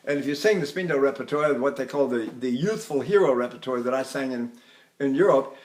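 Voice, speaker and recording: An older man giving a voice lecture, animated and breaking into sung demonstrations. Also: mid-range voice, brisk. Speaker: voice teacher.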